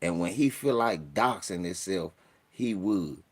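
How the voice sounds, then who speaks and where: A young man hosting a casual livestream, telling stories with animated delivery and mock voices. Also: sits low, measured pace. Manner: animated storytelling, puts on voices and mock formal talk. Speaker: streamer host.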